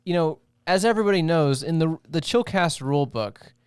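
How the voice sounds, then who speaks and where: A young man moderating a podcast in casual chat, dropping deadpan quips. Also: fairly high pitch, a little fast, smooth, no room sound, clean studio sound.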